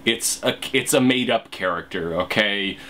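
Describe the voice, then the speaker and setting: A man's voice: on the low side, a little slow, bright, forceful tone, a little hiss or hum. A man vlogging in a rambling, hesitant casual commentary monologue.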